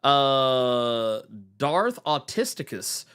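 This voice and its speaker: A man hosting a podcast, reading out viewer messages in relaxed casual banter. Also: mid-range voice, extremely slow, clean tone. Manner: relaxed, hesitant with fillers, reads viewer messages. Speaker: podcast host reading chat.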